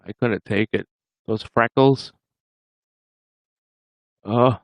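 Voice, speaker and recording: Slow-talking man chatting on a livestream. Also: mid-range voice, steady tone, no room sound. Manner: rambling, chuckles often, chats with viewers. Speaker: livestream host. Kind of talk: casual livestream chat.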